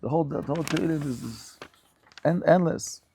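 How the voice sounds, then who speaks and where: A man's voice: on the high side, a little fast, creaky, dark tone, a little hiss or hum. A man giving a Torah lecture as a rabbi, speaking fervently and emphatically and repeating phrases for stress.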